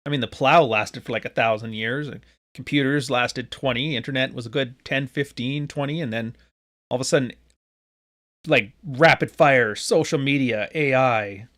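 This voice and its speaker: A man's voice: mid-range voice, moderate pace, a bit bright. A man in his late thirties from Canada, hosting a podcast in loose, joking chat with his live audience, swearing freely. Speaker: podcast host. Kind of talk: casual live-stream talk to a chat.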